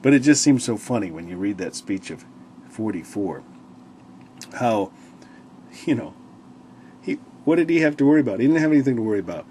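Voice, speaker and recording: This Bible study speaker talks a little fast yet pauses often, his mid-range voice animated and mellow against slight background noise. He shares casual, wandering thoughts on a Bible chapter, peppered with "you know," acting out quotations in sudden bursts.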